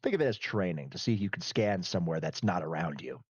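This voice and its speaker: A man playing a composed demon heir and powerful boss, speaking in a calm, businesslike way. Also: low-pitched, fast talker, husky, no room sound, muffled recording, voice pushed down.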